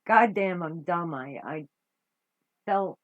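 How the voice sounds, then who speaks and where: A woman's voice: on the low side, expressive, slow, dry recording, lo-fi sound. Profane, exasperated woman telling a story. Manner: profane, exasperated, rambling with restarts. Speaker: flea market vendor telling a story. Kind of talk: casual storytelling monologue.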